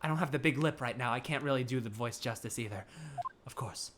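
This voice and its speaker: A man's voice: medium pitch, quick pace, background noise. Self-mocking man streaming a game. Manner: self-deprecating asides about his own voices. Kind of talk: casual let's play commentary.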